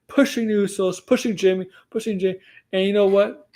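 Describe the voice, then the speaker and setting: A man's voice: sits high, fairly even intonation, normal speed, darkish tone. A man casually recapping a wrestling show for his stream, rambling and often correcting himself mid-sentence. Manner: rambling, self-correcting, acts out quotes.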